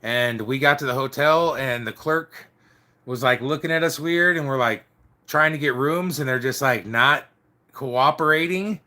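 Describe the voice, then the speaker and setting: Bright-voiced man telling rambling stories. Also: medium pitch, unhurried. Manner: rambling, swears mildly, says "dude" and "like" often. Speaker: storyteller recounting biker club days. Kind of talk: casual storytelling.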